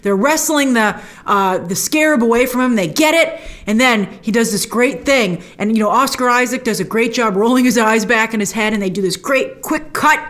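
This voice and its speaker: A woman hosting a casual TV episode review, animated and quick to act out lines from the scenes in put-on voices. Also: fairly high pitch. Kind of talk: casual chat.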